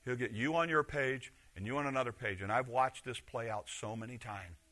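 A middle-aged man, a pastor, preaching a sermon with emphatic rhetorical questions that swing from loud to hushed. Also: mid-range voice, brisk.

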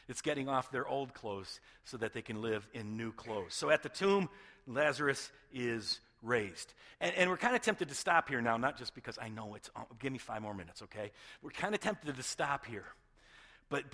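A man's voice: medium pitch, bright, forceful tone, long reverb tail. A man preaching a sermon as pastor, talking conversationally and often checking in with his listeners. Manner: conversational, checks in with "okay?" and "right?".

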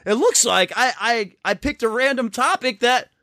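A podcast co-host chatting casually, animated and swearing, jumping into loud outbursts. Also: mid-range voice, normal speed, no echo, clean studio sound. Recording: guitar music behind the voice.

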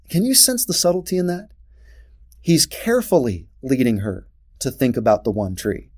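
A man teaching a scripture lesson in an expressive way, posing rhetorical questions to his class. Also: mid-range voice, normal speed.

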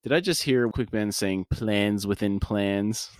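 A man's voice: on the low side, a little slow, clear, resonant tone, dry recording. Dry-sounding male podcast reader. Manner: reads narration, then breaks off into chatty asides. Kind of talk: reading aloud with commentary.

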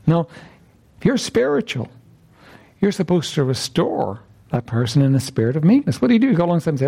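A man's voice: fairly high pitch, very animated, brisk, creaky, mellow, breathy edge. A man preaching an interactive sermon, repeatedly questioning his listeners with emphasis.

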